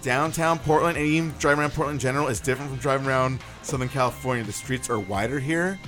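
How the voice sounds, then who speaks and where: Animated, bright-voiced man telling stories. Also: medium pitch, quick pace, faint music behind. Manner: animated storyteller, swears freely. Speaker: podcast co-host. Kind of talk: casual chat.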